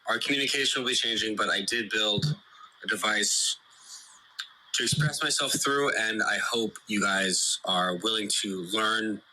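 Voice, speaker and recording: A man hosting a podcast, making a halting announcement with many filler ums, heard from a phone video held up to the mic. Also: fairly low pitch, pushed and bright, a little hiss or hum, rough recording. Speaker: podcast host. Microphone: prerecorded video on a phone held to the mic.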